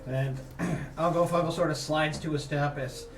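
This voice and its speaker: A man's voice: a little high, steady tone, moderate pace, roomy sound, recorded from a distance, a little hiss or hum. A man playing in a tabletop game, describing his character and laughing often. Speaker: player. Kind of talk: casual game chat.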